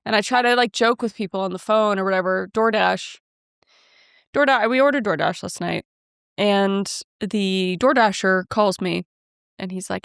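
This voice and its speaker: A woman's voice: mid-range voice, normal speed, vocal fry, clear, resonant tone, dry recording, studio quality. A woman co-hosting a podcast, telling a rambling, self-mocking story in casual chat and quoting herself and others. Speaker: podcast co-host.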